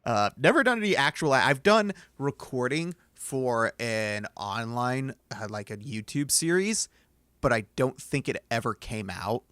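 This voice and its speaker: A man chats with his stream audience in a loose, rambling way, poking fun at himself as he goes. His voice sits at a middle pitch. The recording is dry and close, with no room sound. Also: very animated, a little slow, a bit bright, smooth, no echo. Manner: chatty, self-deprecating, rambling asides. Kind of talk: casual chat with stream chat.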